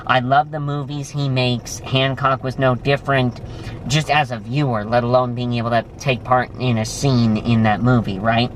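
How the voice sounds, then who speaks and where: A young man in a restaurant, chatting casually and telling stories with lively excitement. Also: moderate pace, slight background noise. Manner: animated storytelling, jumps high when excited. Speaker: vlogger. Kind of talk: casual chat. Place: restaurant, indoors.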